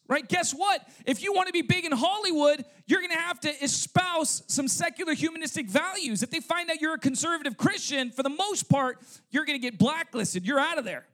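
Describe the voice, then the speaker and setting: A man's voice: very high voice, a bit bright. A male pastor preaching a sermon, checking in with "okay?" and "right?" and firing off rhetorical questions. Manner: punctuates points with "okay?" and "right?"; asks rhetorical questions to the congregation. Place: church service.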